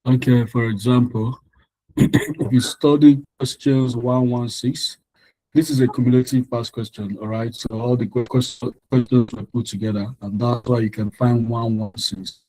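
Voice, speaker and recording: A man's voice: mid-range voice, steady tone, moderate pace, mellow, no echo, poor audio. A male tutor explaining exam material in an online lesson, sharing his screen, repeating phrases with frequent ums and restarts.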